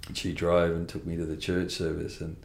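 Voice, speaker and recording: A man's voice: sits low, completely flat delivery, fairly quick, creaky, echoey room, a little hiss or hum. A middle-aged man telling a candid personal testimony in conversation, blunt and rambling with restarts and mild swearing. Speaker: interview guest.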